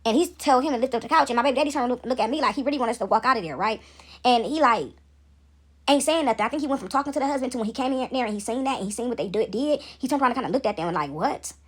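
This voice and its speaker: Rapid-fire and husky, this young woman's fairly high, expressive voice carries a chatty story for her vlog audience. She keeps adding "right?" and "y'all" as she goes, clearly rattled by the events she recounts.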